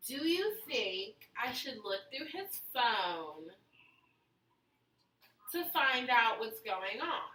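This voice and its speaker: A woman putting on a Valley Girl voice to read out a young woman's letter about her boyfriend, slow and hesitant. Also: on the high side, sing-song, bright, forceful tone, exaggerated voice. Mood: worried. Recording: echoey room, mic far off, faint noise.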